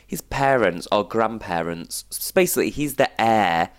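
A man co-hosting a casual comedy chat, cheeky with quick quips. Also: fairly low pitch, lively intonation, clear, resonant tone. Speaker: co-host.

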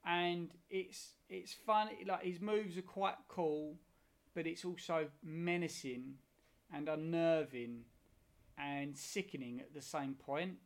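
A man's voice: fairly high pitch, steady tone, takes it slowly, vocal fry. A man, chatting about films on a podcast, enthusiastic and rambling. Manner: enthusiastic, rambling, swears casually. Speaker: podcast co-host. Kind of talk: casual chat about films.

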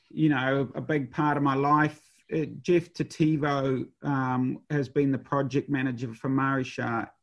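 A man in his fifties, a race skipper, telling stories in a rambling way with lots of fillers and restarts. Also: medium pitch. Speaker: professional sailor, race skipper. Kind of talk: conversational storytelling.

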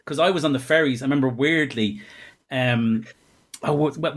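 A man's voice: medium pitch, fast. A man, a comedian guest telling rambling, self-interrupting comic anecdotes in casual chat.

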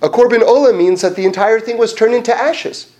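A man giving a casual Torah class, animated and chatty, full of fillers and restarts. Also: very high voice, brisk. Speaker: Torah teacher.

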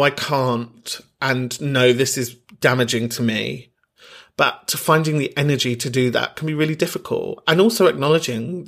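A man's voice: medium pitch, fairly bright tone, breathy edge. A man hosting a podcast, talking openly and camply and laughing easily as he answers callers. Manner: candid, camp, quick to laugh. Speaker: podcast host. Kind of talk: casual chat.

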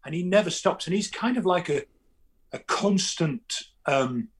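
A man, a football fan guest telling animated stories in casual chat, often restarting his sentences. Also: high voice, a little slow, slight background noise. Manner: animated storytelling, frequent restarts.

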